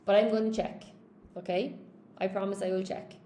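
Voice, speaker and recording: A woman's voice: medium pitch, flat delivery, moderate pace, dark tone, roomy sound, slight background noise. A woman with a Cork Irish accent teaching an English grammar lesson in a live stream, chatty, often checking in with "okay?" and greeting viewers by name. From Ireland.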